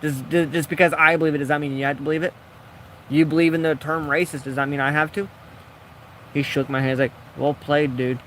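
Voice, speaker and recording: A man's voice: a little high, steady tone, fast talker, a bit bright, slight background noise. A man casually telling a rambling, jokey story while building in a game, acting out the people he quotes. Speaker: gaming video creator.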